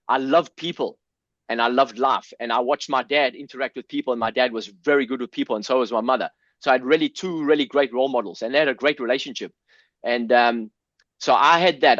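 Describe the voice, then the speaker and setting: A man's voice: mid-range voice, a bit bright, no echo. A South African man in his fifties, telling personal stories as a podcast guest, earnest and emotional, with many restarts and some swearing. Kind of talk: candid personal storytelling. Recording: dull, dry lo-fi sound.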